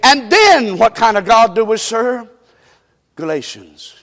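A man preaching a sermon, fervent and repetitive, calling out to the congregation and often shouting. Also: extremely high pitch, very animated, takes it slowly. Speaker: pastor. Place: church sanctuary. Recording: long reverb of a church hall.

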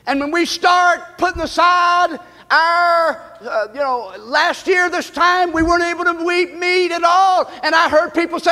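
A pastor preaching a fiery Easter sermon in a church, shouting in bursts and then dropping low. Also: male voice, steady tone, unhurried. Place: church sanctuary. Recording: long church reverb.

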